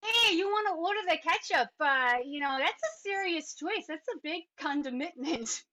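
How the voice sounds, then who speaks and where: Very high, brash woman improviser. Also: lively intonation, moderate pace, sharp tone. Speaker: improv player.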